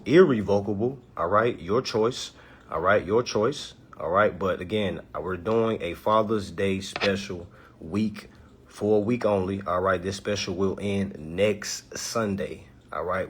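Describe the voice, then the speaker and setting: Husky-voiced man in a casual pitch. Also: fairly bright tone. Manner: keeps checking in with "all right?" after each point. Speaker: estate planning seller.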